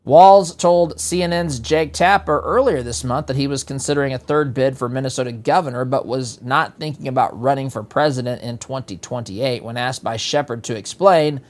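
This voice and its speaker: A man's voice: medium pitch, normal speed, hardly any pauses. A man hosting a political talk show, commenting in a sarcastic, exasperated way. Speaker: talk radio host.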